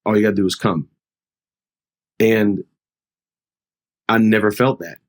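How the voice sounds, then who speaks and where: Middle-aged male pastor, low-pitched, heartfelt storyteller on an interview show. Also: steady tone, unhurried. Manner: earnest, heartfelt, re-enacts dialogue. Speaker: pastor, guest. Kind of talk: conversational storytelling.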